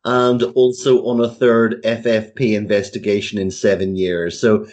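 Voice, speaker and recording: A man hosting a podcast, asking his co-hosts questions about football in a halting way. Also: on the low side, flat delivery, darkish tone. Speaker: podcast host. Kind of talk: casual football chat.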